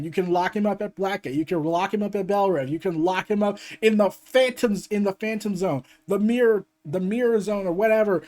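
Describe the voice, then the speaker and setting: A man hosting a casual comic review, opinionated and getting excited as he talks. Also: sits high. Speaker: host.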